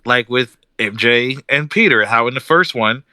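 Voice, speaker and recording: A man co-hosting a podcast in casual chat, ranting with animated energy and mimicking characters as he tells a story. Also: medium pitch, moderate pace, clear, resonant tone, no room sound. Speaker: podcast co-host.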